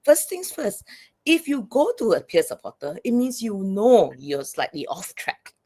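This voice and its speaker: A woman's voice: mid-range voice, big pitch swings, measured pace, warm tone. A woman speaking as a psychologist and coach guest in an interview, earnest and explanatory, often checking in with "right?".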